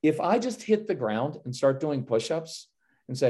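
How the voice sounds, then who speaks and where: A man's voice: a little high, normal speed. A man guesting on a podcast, giving parenting advice and acting out what he says to his kids. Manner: energetic, acts out parent and child lines. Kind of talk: casual podcast conversation.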